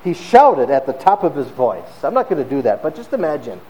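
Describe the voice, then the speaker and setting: A man preaching a sermon in a conversational, animated storytelling manner, often pausing with fillers. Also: fairly high pitch, slight background noise, low-quality recording. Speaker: pastor.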